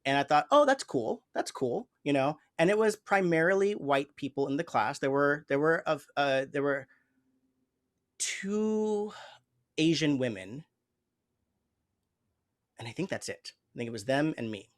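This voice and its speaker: A man's voice: a little high, animated, measured pace, long pauses. A man hosting an interview who talks in an earnest, reflective way, often searching for his words as he explains his thoughts as an improv teacher. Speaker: host. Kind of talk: conversational interview.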